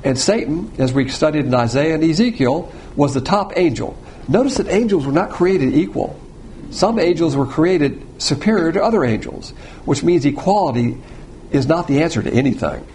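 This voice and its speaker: A man preaching a sermon, blunt and provocative, swinging between loud emphasis and quiet asides. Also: a little high, slight background noise.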